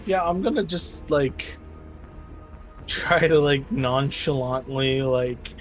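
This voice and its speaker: A man's voice: medium pitch, slow pace, faint music behind. A man playing in a tabletop game, hesitant and trailing off while he decides. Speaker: player.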